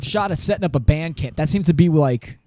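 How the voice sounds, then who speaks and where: A man's voice: a little high, a little fast, dark tone, no echo. A man hosting a podcast in casual chat, laid-back, laughing often and telling stories. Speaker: podcast host.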